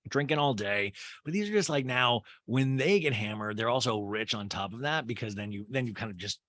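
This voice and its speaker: Animated man doing a casual recap. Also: medium pitch, brisk, no room sound. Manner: animated, quotes people in put-on voices, swears. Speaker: podcast host recapping a reality show.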